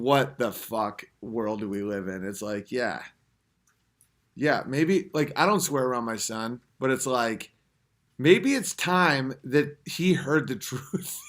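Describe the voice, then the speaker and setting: A man hosting a podcast from his home at night, ranting and swearing heavily, swinging between yelling and low muttering. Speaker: podcast host. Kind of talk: comedic rant.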